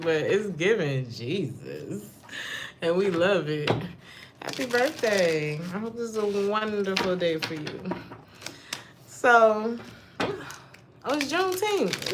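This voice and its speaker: Lively, slangy young woman reading tarot. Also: background noise. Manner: animated storyteller who breaks into high laughing outbursts; slangy and digressive. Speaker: tarot reader. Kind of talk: casual livestream tarot chat.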